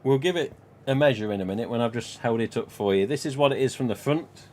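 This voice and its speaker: A man hosting a live stream, who is also a collector, chats casually and rambles, chuckling often. His mid-range voice has a darkish tone, and he talks fast.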